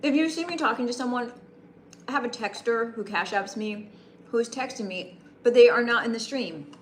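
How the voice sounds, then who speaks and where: A woman's voice: on the high side, normal speed, roomy sound, a little hiss or hum. A woman live streaming a rambling late-night chat with viewers, greeting them by name, with a broadcaster-like voice.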